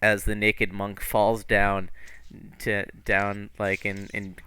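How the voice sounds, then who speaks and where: Bright, clear-voiced man running a game. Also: on the low side, completely flat delivery, takes it slowly. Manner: casual, filler-heavy narration with swearing. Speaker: game master. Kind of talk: narrating a tabletop game.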